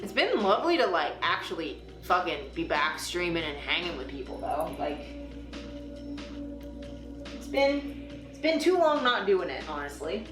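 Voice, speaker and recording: A woman's voice: on the low side, big pitch swings, unhurried. A young woman chatting casually on a live stream at home, swearing freely and rambling with fillers. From Toronto, Canada. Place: home room, livestream. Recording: roomy echo with music playing.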